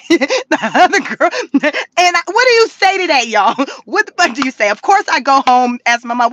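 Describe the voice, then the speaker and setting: A middle-aged woman from California telling a story casually to her viewers, animated, laughing often and swearing freely. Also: sits high, moderate pace, slight background noise. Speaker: vlogger.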